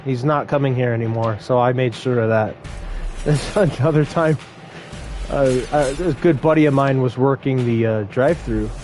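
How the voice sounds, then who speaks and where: A young man tells work stories in a brash, animated way, his voice sitting at a middle pitch. He acts out the confrontations as he tells them. Faint music plays under his voice. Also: moderate pace. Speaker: fast food worker. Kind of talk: casual storytelling vlog.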